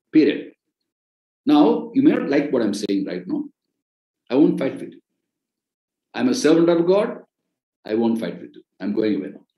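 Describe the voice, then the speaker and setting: A man's voice: a little high, dark tone, echoey room, poor audio. A man with an Indian accent preaching in an earnest way, repeating key phrases for emphasis. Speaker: ministry president and preacher. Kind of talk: sermon-style teaching on a podcast.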